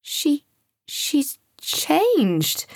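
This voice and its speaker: A woman voicing a frightened, excitable small boy in a storybook reading, speaking in a high, urgent way. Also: drawn-out words, no room sound, studio quality, full character voice. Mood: amazed.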